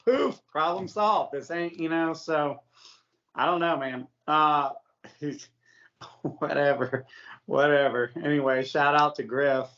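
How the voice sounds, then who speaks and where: A laid-back man with a fairly high voice, co-hosting a casual podcast. He chats easily and laughs often. The audio is dull and lo-fi. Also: level tone, slow, pauses often, fairly bright tone. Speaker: podcast co-host. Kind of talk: casual chat.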